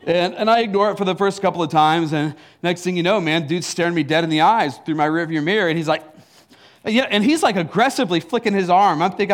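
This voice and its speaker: A man's voice: high-pitched, fast. A middle-aged man preaching a sermon in a church, telling a story with laughs and acted asides. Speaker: pastor.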